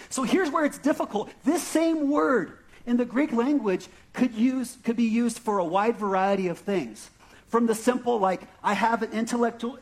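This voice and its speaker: A man preaching a sermon in a conversational, self-deprecating way, often checking in with "right?" and "okay?", with an Arizona accent. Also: high-pitched. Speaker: pastor.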